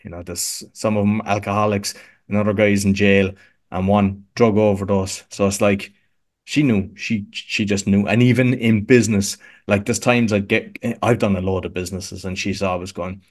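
A man's voice: on the low side, fairly even intonation, moderate pace. An Irish man, a podcast coach, chatting casually as an interview guest, rambling with lots of restarts and fillers. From Ireland. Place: home podcast room.

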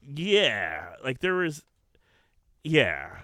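A man's voice: mid-range voice, wildly swooping pitch, extremely slow, bright, forceful tone, dry recording, studio quality. A man hosting a podcast, chatting casually and crudely, saying dude a lot. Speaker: podcast host. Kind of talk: casual banter.

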